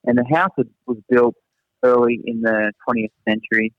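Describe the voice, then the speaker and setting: Here a young man who teaches chats as a guest, wandering through funny anecdotes and chuckling at himself. His mid-range voice keeps a steady tone at normal speed, with no echo, in slightly dull lo-fi audio.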